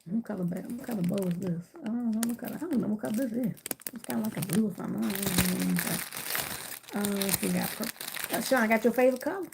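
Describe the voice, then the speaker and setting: A woman's voice: mid-range voice, quick pace, vocal fry, noisy background. A middle-aged woman chatting casually on a live stream, greeting viewers by name while she works on gift baskets indoors.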